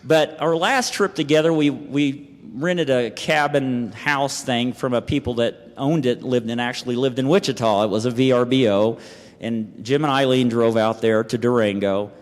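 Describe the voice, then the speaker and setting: A man giving a eulogy at a memorial service, halting and emotional, with restarts and soft laughter. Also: medium pitch. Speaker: family member giving a eulogy. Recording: reverberant hall.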